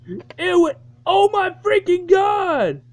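A young man voicing a whiny, hot-tempered male toy character who yells in shrill tantrums. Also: big pitch swings, slow, heavily acted. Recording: dull lo-fi home recording.

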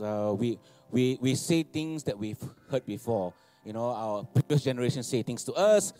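A man, preaching a sermon, animated and laughing, repeating phrases and asking for amens. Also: medium pitch. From Malaysia. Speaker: pastor. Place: church hall.

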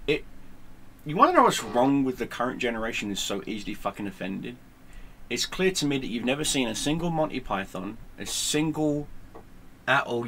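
A man's voice: medium pitch, animated, normal speed, a bit bright, slight background noise. A man, a gaming streamer, ranting to camera in a sarcastic, combative way with heavy swearing. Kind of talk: profane angry rant to camera.

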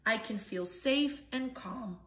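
A woman reading as a calm little boy. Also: a little high, slow, echoey room, distant mic. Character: calm young boy practicing pausing.

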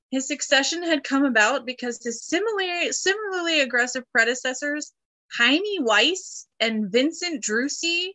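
A woman co-hosting a podcast reads history notes and drops in joking asides during casual chat. Her voice sits high and has a sharp tone.

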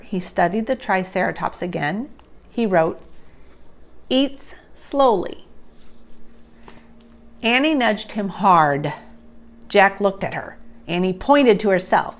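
A woman reading a children's chapter book aloud in a slow, deliberate storytelling manner. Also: mid-range voice, animated.

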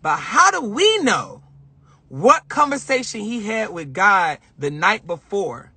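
A man with a high, very lively voice talks casually on a livestream, leaning on repeated phrases for emphasis. His tone is bright with a husky edge. The sound is dry and close. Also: slow pace, no room sound. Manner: animated, spiritual storytelling. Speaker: vlogger.

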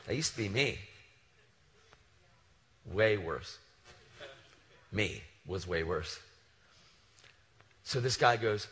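A man preaching a sermon, telling stories in a casual, animated way with slangy asides. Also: lowish voice, unhurried, pauses often, in a large hall. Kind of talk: storytelling sermon.

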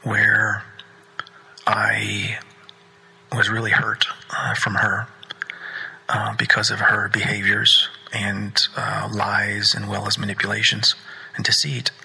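Podcast host, male, very raspy and sharp-edged tone, earnest monologue that slips into near-whispers. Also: on the low side, completely flat delivery, takes it slowly, pauses often, rough recording. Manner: earnest, often drops into a breathy near-whisper. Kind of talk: personal storytelling monologue.

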